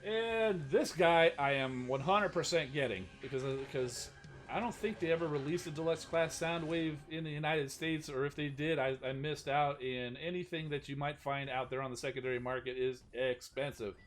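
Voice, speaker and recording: A man's voice: a little high, moderate pace, soft background music. A man hosting a live stream, chatting casually about toy news and reading out chat questions, rambling with many restarts. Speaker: stream host.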